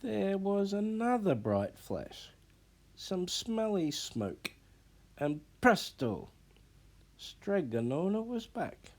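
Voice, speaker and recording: A man reading a children's storybook aloud in a measured, expressive way. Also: sits high.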